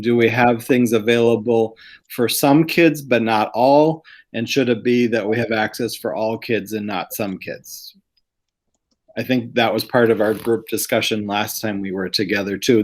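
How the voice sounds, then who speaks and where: A man who works as a school district administrator, explaining plans to a planning group in an earnest, explanatory way over a video call. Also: mid-range voice.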